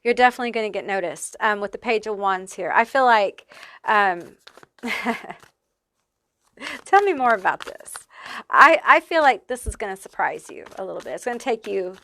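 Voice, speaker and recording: A woman's voice: mid-range voice, expressive, a little fast, pushed and bright. A woman giving a casual pick-a-card tarot reading, sassy and salty, calling viewers honey and laughing often. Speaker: tarot reader.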